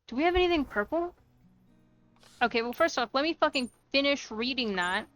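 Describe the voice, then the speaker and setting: A young woman streaming a video game, reading its text aloud and reacting with quick outbursts and swearing. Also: high-pitched, animated, fairly bright tone. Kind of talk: casual game stream commentary. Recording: faint game music behind.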